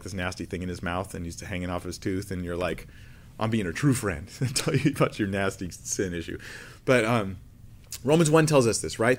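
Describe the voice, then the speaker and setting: A man teaching on Scripture in a casual, conversational way, joking and restarting phrases. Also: on the low side. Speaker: Bible teacher.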